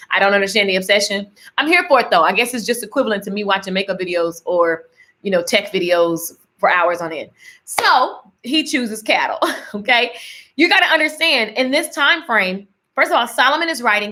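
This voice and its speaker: Bright-voiced woman chatting live to viewers. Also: medium pitch. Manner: lively, talks straight to viewers, laughs often; folksy Southern-style phrasing, y'all and honey. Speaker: host of a live faith and business talk. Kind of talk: casual live-stream chat.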